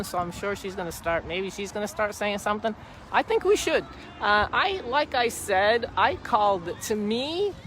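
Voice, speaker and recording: A woman talking on a casual live stream from a phone, outdoors by a street, in a rambling, repetitive, emphatic way. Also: medium pitch. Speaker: livestreamer at a street protest. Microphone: phone camera held by the speaker. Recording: outdoor phone video with traffic and wind noise.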